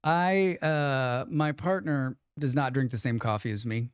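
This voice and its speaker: Guy yapping on his stream, reading chat out loud, smooth clear voice, dry close mic. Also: mid-range voice, measured pace, no echo. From United States. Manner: rambling, reads chat messages aloud, swears casually. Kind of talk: casual live-stream chat.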